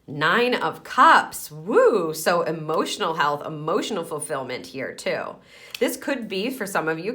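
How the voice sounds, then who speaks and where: A woman's voice: on the low side, bright, forceful tone. A woman giving an encouraging pick-a-card tarot reading, chatting loosely and thinking aloud with fillers.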